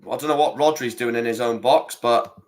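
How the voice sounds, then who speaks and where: A man's voice: medium pitch, a little fast. A young man running a football watch-along, ranting and swearing at the referee and his stream. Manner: frustrated, swears a lot, rants at the referee.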